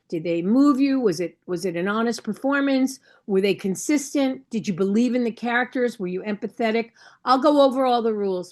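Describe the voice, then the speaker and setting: A woman coach training new judges over a video call, talking in a conversational, instructive way and often checking in with the listeners. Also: fairly high pitch. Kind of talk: online training session.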